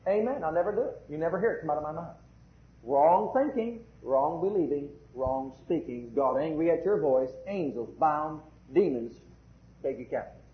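A man preaching a sermon with fervent delivery, dropping to a hush and rising to loud proclamation. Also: a little high, animated, normal speed. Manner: fervent, swings from hushed to loud. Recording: echoey, dull lo-fi church recording.

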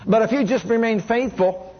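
A man's voice: high-pitched, moderate pace, lo-fi sound. A man preaching a sermon who keeps asking the congregation questions and has them repeat lines back to him.

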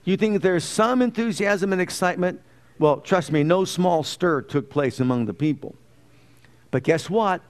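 A man preaching a sermon, animated, often questioning his listeners and acting out the quotes he tells. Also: sits high, moderate pace.

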